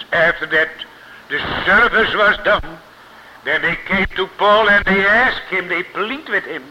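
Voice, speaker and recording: A man preaching a sermon to his congregation, slow and emphatic, repeating key words for weight. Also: a little high, bright, forceful tone. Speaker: pastor. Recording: muffled lo-fi sermon recording with faint hiss.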